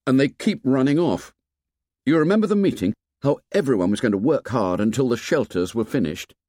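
A man's voice: medium pitch, lively intonation, brisk, warm tone, no echo, studio quality, pitched above the performer's own voice, natural voice. A man voicing a weary boy leader who talks in an exasperated, complaining tone.

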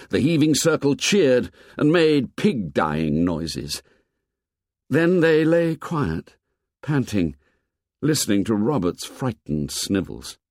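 A man narrating a novel aloud in a measured, expressive storytelling manner. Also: on the low side, no room sound, clean studio sound. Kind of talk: audiobook narration.

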